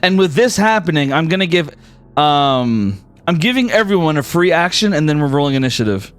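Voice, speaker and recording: Male game master, measured narrator, lightly raised pitch, faint music behind. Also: very animated, clear, resonant tone.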